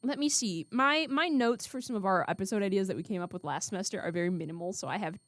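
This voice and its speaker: A young woman chats casually as a podcast co-host, thinking out loud and restarting her sentences. Her voice sits mid-range and is recorded close and dry. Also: medium pitch, fast, no room sound. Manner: chatty, thinks aloud with restarts.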